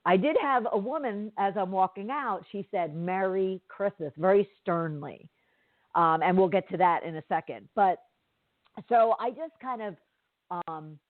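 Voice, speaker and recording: A woman's voice: lowish voice, no echo. A woman podcast host telling a story in a chatty, rambling way with many fillers and asides. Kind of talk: casual storytelling monologue. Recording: dry, tinny phone-like line.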